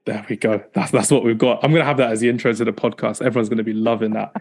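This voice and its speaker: A man hosting a casual podcast and talking in a quick, chatty and upbeat way. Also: lowish voice, fairly even intonation, a little mellow. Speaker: podcast host.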